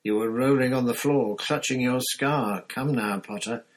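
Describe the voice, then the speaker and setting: A man doing an excitable seer professor. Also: medium pitch, normal speed, pitched above the performer's own voice, natural voice. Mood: eager. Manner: eager, breathless questioning.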